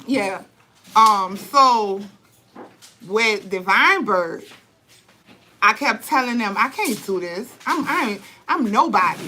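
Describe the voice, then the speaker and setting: Bright-voiced woman talking bluntly. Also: mid-range voice, takes it slowly, pauses often, slight background noise, low-quality recording. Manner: blunt, profane, animated storytelling. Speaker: vlogger, birth advocate. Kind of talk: candid casual talk to camera.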